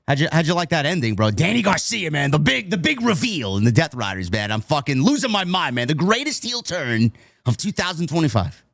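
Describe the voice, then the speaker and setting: Brief: New York man, podcast co-host, animated and profane, slightly high voice, dry close mic. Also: a little fast, vocal fry, no room sound. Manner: animated, swears a lot, says "man" and "bro". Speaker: show host. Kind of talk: casual podcast review chat.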